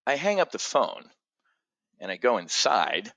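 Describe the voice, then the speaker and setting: A middle-aged man hosting a trading community, telling a casual story in an animated way, swearing freely and jumping up high when he acts out other people. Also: moderate pace, no room sound.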